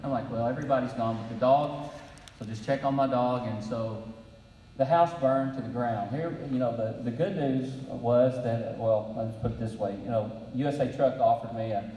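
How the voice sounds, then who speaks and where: A man's voice: mid-range voice, moderate pace, warm tone. A middle-aged man giving a faith-based leadership talk at a breakfast, telling folksy stories with dry humor. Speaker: breakfast speaker. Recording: roomy hall, distant mic.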